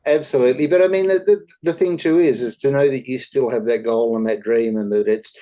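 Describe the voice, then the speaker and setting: A man's voice: mid-range voice, a little fast, dark tone. A man hosting a casual interview, asking questions and backing his guest with frequent short agreements. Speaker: interviewer host.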